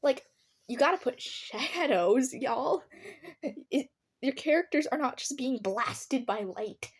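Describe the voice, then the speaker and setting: Here a teenage art vlogger speaks slowly in a high-pitched, expressive, slightly rough voice. The casual chat is sarcastic and chatty, punctuated by lots of laughing and some swearing.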